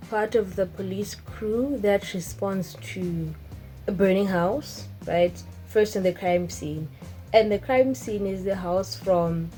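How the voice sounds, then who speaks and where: Animated woman vlogger. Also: medium pitch, low-quality recording. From Zimbabwe. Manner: animated, expressive, emphatic. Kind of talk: casual vlog chat.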